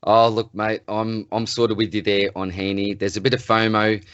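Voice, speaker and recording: Aussie bloke on a footy podcast, lowish voice, dead dry mic, gets worked up and rants. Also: male voice, normal speed, clean tone, no room sound, dull audio. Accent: Australian. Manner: animated ranting, exasperated. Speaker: podcast co-host. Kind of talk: casual sports podcast chat.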